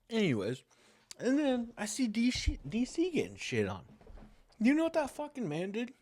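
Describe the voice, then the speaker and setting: A man's voice: very high voice, wildly swooping pitch, takes it slowly, pauses often, a bit bright. A young man hosting a casual sports talk show, ranting in a heated, profane, rambling way and getting worked up. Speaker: podcast host.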